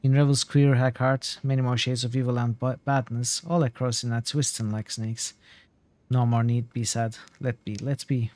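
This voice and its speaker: A man reading aloud the lines of an old, superstitious woman in a game, voicing her fearful, folksy warnings in his own plain voice at a middling pitch. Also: little pitch movement, moderate pace, a little mellow, no echo, natural voice. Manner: archaic folksy speech, fretful warnings.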